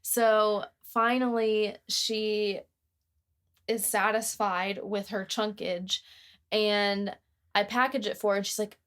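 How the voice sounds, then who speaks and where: A young woman co-hosting a casual podcast, her voice sitting at an ordinary middle pitch. She tells a work story in a chatty, exasperated way, laughing along as she goes. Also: steady tone, slow pace, fairly bright tone. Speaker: podcast co-host.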